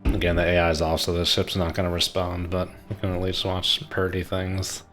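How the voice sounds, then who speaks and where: A streamer with a very deep voice chats his way through a naval game, laughing often and muttering to himself. Faint music plays under his talk. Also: monotone, fairly quick, fairly bright tone. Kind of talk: casual gameplay commentary.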